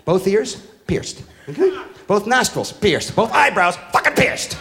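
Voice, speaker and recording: A man's voice: sits high, sing-song, unhurried. Profane ranting male stand-up comic. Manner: profane ranting with rising shouted outbursts. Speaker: stand-up comedian. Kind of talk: stand-up comedy routine. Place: live comedy venue with an audience. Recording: live stage recording with faint crowd and noise.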